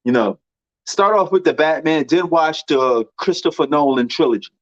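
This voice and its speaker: A man's voice: on the high side, normal speed, dry recording. Slangy New York man, dull dry sound. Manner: slangy, rambling, many fillers. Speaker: movie commentator. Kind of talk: casual chat.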